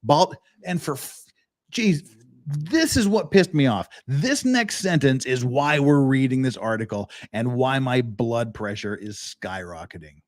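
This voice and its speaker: Guy ranting on his stream about a case, swears a lot, sarcastic and fed up, mid-range voice. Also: medium pitch. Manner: profane, sarcastic, exasperated. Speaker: legal commentary host. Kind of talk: live-stream ranting commentary.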